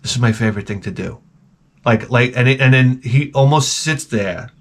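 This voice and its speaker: A middle-aged man hosting his channel, telling a comic story in a profane, animated rant full of restarts. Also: medium pitch, moderate pace. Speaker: host.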